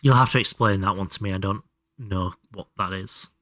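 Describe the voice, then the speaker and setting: Guy streaming a game, lowish voice, dry close mic, chatting with viewers. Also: moderate pace, fairly bright tone, no room sound. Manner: chatty, reacting to chat while playing. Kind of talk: casual gameplay chat.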